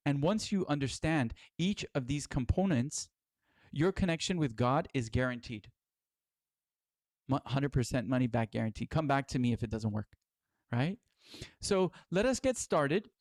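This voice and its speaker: A man's voice: medium pitch, darkish tone, dry recording, clean studio sound. A middle-aged man giving a spiritual lecture as its teacher, earnest and exhorting, with casual swearing.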